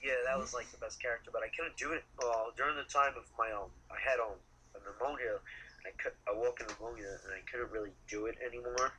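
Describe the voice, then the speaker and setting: A man being interviewed as a guest, talking in a rambling, halting way and swearing casually. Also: medium pitch, steady tone, a crowd in the background, low-quality recording. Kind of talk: casual chat.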